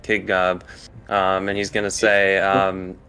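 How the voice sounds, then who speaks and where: A man's voice: sits low, completely flat delivery, slow pace, pushed and bright, smooth. A man playing a tabletop game in an easygoing, questioning manner. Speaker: player.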